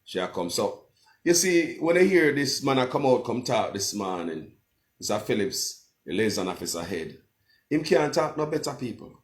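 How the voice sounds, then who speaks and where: A man's voice: medium pitch, very animated, moderate pace. A man with a Jamaican accent, a blogger hosting a livestream, talking with passion and calling out to his viewers. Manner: impassioned, keeps calling out to viewers as people. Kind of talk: livestream commentary with a phone-in guest.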